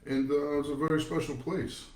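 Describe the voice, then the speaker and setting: A man's voice: fairly high pitch, flat delivery, normal speed, a little mellow, recorded from a distance. A man with a Rhode Island accent trading wisecracks as a podcast guest. He sits a little away from the mic. The room adds a roomy echo. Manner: playful, wisecracking. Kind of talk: casual comedy chat.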